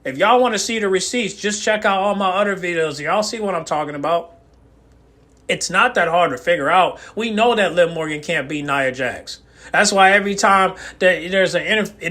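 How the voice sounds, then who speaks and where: With a high, bright, forceful voice at a moderate pace, a man acts as a YouTube host giving ranting reaction commentary. He's emphatic and repetitive, hammering the same words again and again, fired up and lecturing the viewer.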